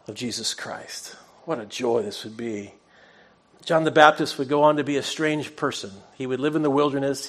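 A man preaching in a relaxed, conversational storytelling way, at an ordinary middle pitch for a man. He stays earnest and personal, and he pokes fun at himself now and then. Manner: self-deprecating humor. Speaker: pastor. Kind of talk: sermon.

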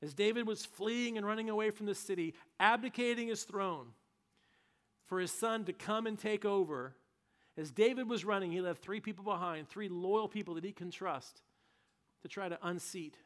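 A man's voice: high voice, moderate pace, fairly bright tone. A male pastor preaching a sermon, retelling scripture in a casual, joking storytelling manner.

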